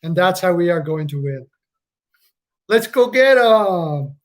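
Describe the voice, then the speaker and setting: A man's voice: sits high, expressive, slow. A man putting on a hockey coach with an exaggerated fake French accent, giving bossy, mock-serious instructions. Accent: put-on French.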